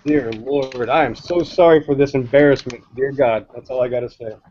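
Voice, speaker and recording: A man's voice: medium pitch, moderate pace, darkish tone, a little hiss or hum. A man co-hosting a casual talk show, ranting in a blunt and heated way. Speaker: co-host. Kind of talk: casual opinionated chat. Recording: dull lo-fi sound.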